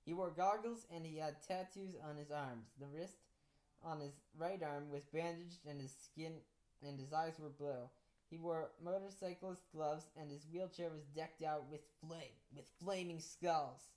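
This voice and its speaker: A woman reading aloud a story she wrote herself, halting and often restarting. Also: sits low, a little mellow, rough recording. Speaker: author reading own story.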